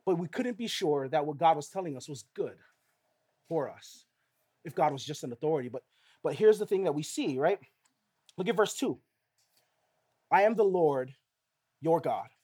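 A man's voice: a little high, expressive, moderate pace, long pauses, a little mellow, slightly rough. A middle-aged male pastor preaching a sermon in a conversational way, often asking rhetorical questions of the listeners.

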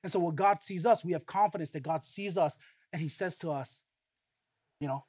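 High-voiced man preaching a sermon. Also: moderate pace. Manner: earnest, rhetorical questions, builds up then drops to quiet. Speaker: pastor.

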